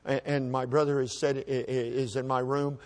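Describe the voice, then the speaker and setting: A man telling a personal story to an audience at a microphone, in a folksy, halting way that often repeats words as he restarts. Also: mid-range voice, little pitch movement.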